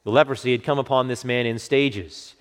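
A man preaching a sermon with fervent swells of emphasis and softer, hushed moments. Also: medium pitch, fairly even intonation, brisk. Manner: fervent, rising to bursts then dropping to hushed quotes. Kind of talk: expository sermon. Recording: long reverb of a large hall.

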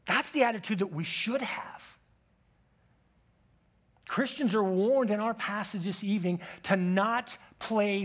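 A preacher giving a sermon who walks listeners through an imagined story in the second person and presses them with direct questions. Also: mid-range voice. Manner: asks the congregation many direct questions.

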